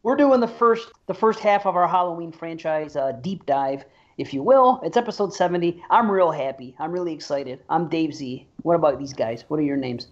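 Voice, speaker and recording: A man's voice: a little high, expressive, normal speed, lo-fi sound. A man hosting a horror podcast in casual, enthusiastic and rambling chat. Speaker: podcast host.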